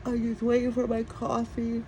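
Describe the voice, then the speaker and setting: A woman's voice: on the high side, completely flat delivery, normal speed, mellow, a little hiss or hum, poor audio. A middle-aged woman chatting casually at home in a morning vlog, rambling and laughing often. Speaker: vlogger.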